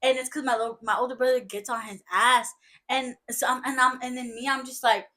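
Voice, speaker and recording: A woman's voice: on the high side, fairly even intonation, a little fast, sharp tone. A young woman co-hosting a podcast, talking in a laid-back, slangy way and laughing often. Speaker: podcast co-host. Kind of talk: casual chat.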